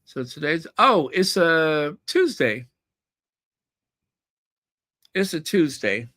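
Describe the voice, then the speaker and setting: Guy rambling on his vlog, slow and chatty, dry close sound. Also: a little high, very animated, bright, forceful tone, dry recording. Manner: chatty, rambling, repeats words for emphasis. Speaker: royal gossip channel host. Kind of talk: casual solo commentary to viewers.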